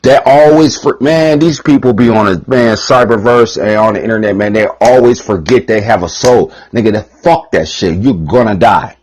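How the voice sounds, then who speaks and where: A man's voice: on the low side, moderate pace, hardly any pauses, a little mellow, low-quality recording. A man giving a rambling, heated, profane monologue on his channel, repeating himself and swearing often. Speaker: channel host.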